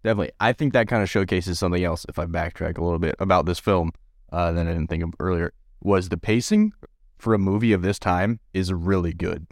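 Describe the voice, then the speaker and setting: A man's voice: low voice, steady tone, quick pace, no echo, studio quality. A man co-hosting a podcast, chatting casually about a movie in a rambling, self-deprecating way and chuckling at his own jokes. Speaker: podcast co-host. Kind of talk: casual film discussion.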